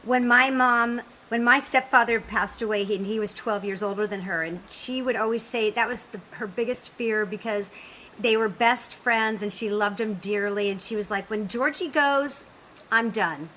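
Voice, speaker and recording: A woman's voice: mid-range voice, steady tone, moderate pace, sharp tone, slight background noise, low-quality recording. A woman hosting a caregiving podcast, talking in an earnest, reassuring way with frequent restarts. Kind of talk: candid conversational interview.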